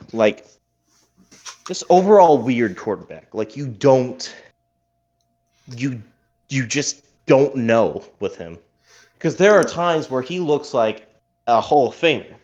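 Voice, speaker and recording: A man from the Midwest of the US, talking loosely on a podcast recorded over a call. He jokes, rambles and teases, in a voice of middling pitch. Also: highs cut off. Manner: joking, rambling, quick to tease. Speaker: podcast co-host. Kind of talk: casual podcast chat. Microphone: remote call.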